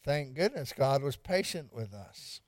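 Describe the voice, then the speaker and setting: A man's voice: medium pitch, sing-song, unhurried, dry recording, clean studio sound. A man pastor giving an interactive evening sermon, quizzing the congregation and repeating lines for emphasis with light humor.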